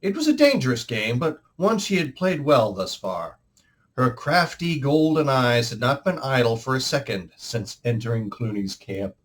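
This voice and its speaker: A man hosting a read-aloud show, narrating a storybook with expressive rises and falls in tone. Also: mid-range voice, normal speed. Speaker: host reading a book aloud.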